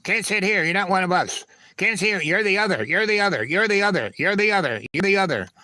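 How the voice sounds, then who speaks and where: A man voicing a clique of snobbish schoolkids who coldly and repeatedly shut someone out, lifting his voice well above his usual pitch. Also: animated, quick pace, bright, forceful tone, dry recording, full character voice. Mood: sneering. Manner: cold, repetitive taunting.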